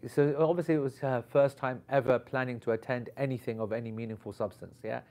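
A man telling a rambling story in casual chat, lively and full of slang as he teaches and recalls his classes. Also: medium pitch, quick pace, few pauses. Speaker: Islamic teacher. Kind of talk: casual anecdote.

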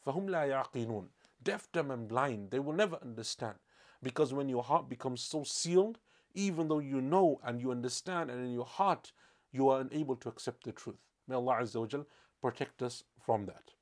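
A man gives a religious lesson at a brisk pace in a mid-pitched voice. He tells stories and puts energy into the lines he quotes. He recites Arabic verses at speed. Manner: storytelling, acting out quoted speech with lively emphasis; recites Quranic Arabic quickly. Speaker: Islamic teacher.

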